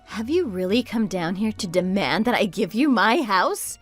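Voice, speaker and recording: A woman voicing a level-headed young wife who narrates and argues calmly with her sister-in-law. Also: mid-range voice, moderate pace, soft background music, lightly acted. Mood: exasperated. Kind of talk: texting-story voice acting.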